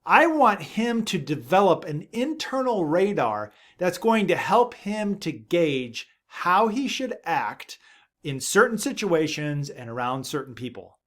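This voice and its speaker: Man, thirties, parenting host; earnest and emphatic, a touch higher voice, low asides. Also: sing-song, unhurried, a bit bright. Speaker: parenting video host, father of seven. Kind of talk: direct-to-camera advice talk.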